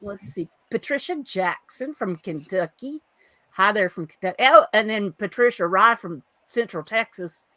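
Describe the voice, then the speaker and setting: A woman co-hosting a genealogy livestream over a video call, chatting casually and greeting viewers by name with lots of quick asides. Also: mid-range voice, expressive, pushed and bright, no echo. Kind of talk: casual chat.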